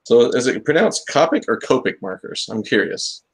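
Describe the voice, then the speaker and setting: A man's voice: lowish voice, animated, normal speed, gravelly, breathy edge. A man hosting a casual comics talk stream, joking and rambling with lots of fillers. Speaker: host of a comics talk show. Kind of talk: casual live-stream chat.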